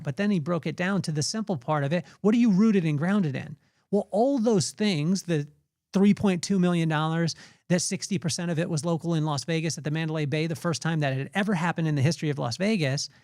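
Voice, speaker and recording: A man in his forties with a somewhat higher voice talks with heartfelt, halting reflection and often pauses on fillers. He sounds tearful. The recording is close and dry. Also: a little mellow, dry recording. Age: 40s. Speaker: podcast host. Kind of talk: personal reflective monologue.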